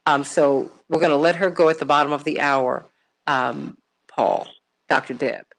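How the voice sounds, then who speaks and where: A woman's voice: sits low, moderate pace. A woman hosting a morning talk radio show from a studio, chatty and exclamatory, often repeating her words.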